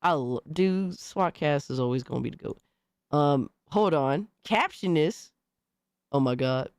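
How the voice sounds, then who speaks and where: A woman hosting a casual livestream, reacting to things in an excitable, slangy, profane way. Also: deep voice, a little slow, clean tone, no echo, studio quality. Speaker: livestream host.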